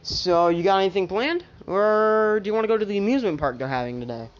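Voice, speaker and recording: A woman's voice: mid-range voice, lively intonation, fast, lo-fi sound, natural voice. A woman voicing an earnest, shy teenage boy hero in a homemade fan story, in a loose, offhand way.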